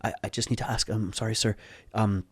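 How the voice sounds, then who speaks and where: A man's voice: lowish voice, level tone, brisk, husky, no room sound. A man voicing a very shy, polite male nurse who hesitates and apologizes a lot. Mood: shy, apologetic. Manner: hesitant, apologetic, lots of "um" and "sir".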